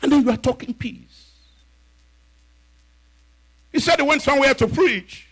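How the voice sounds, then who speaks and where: A man preaching a fiery sermon, shouting and hammering his points home with repetition. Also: very high-pitched, unhurried, rough recording.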